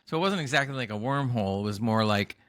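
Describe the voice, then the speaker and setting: A man's voice: mid-range voice, expressive, quick pace, fairly bright tone, no echo, studio quality. A man co-hosting a casual review chat over a video call, easygoing, with stammering restarts. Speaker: co-host of a TV review show.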